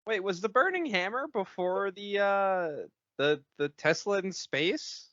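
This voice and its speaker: A podcast co-host rants in an animated way, the pitch jumping a lot, with frequent swearing. The audio is dull and lo-fi, typical of a home podcast. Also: measured pace. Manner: animated and profane, ranting. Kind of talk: casual chat.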